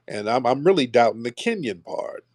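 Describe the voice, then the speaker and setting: A man's voice: medium pitch, sing-song, normal speed, darkish tone, no room sound. A man hosting a call-in show, blunt and mocking toward callers, often repeating himself. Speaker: host taking callers. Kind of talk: combative call-in talk.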